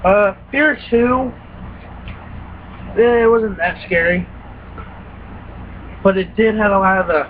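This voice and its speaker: A high-voiced young man tells rambling, profane stories, acting out his own startled reactions. The sound is thin and phone-like, with a faint hiss behind it. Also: moderate pace, pauses often. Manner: profane, animated retelling with quoted reactions. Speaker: gaming vlogger. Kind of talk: casual rambling story.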